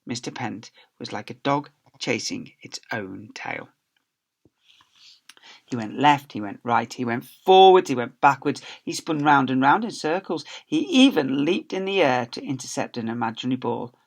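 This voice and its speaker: A male teacher reading a children's story aloud in a lively, expressive way. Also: mid-range voice, normal speed.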